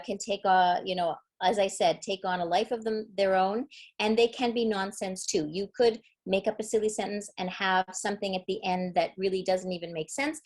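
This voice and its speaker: Lively Canadian woman teaching reading games. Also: mid-range voice. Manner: lively, demonstrative, enunciates sounds slowly. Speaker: reading educator. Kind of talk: webinar presentation.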